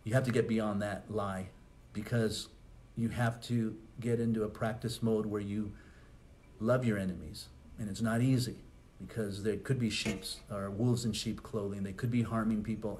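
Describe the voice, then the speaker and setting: A man's voice: on the low side, steady tone, moderate pace, darkish tone, a little hiss or hum. Conversational man preaching a sermon. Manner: conversational teaching with rhetorical questions and asides. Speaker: pastor.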